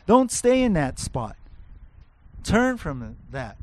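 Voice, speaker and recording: A man's voice: fairly high pitch, very animated, takes it slowly, pauses often. A man preaching a sermon in an earnest, emphatic way, repeating key words for stress. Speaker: pastor.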